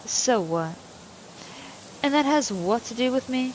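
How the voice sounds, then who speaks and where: A woman voicing a sharp-tongued young housewife who speaks low and curt in a game. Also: lively intonation, unhurried, slight background noise.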